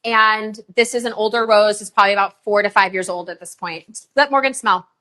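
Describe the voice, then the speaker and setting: A woman hosting a live shopping stream for roses, chatting casually with lots of fillers and pauses. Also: mid-range voice, steady tone, bright, forceful tone. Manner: chatty, many fillers, emotional at times. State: tearful. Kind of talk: live sales stream chat. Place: rose farm, humid.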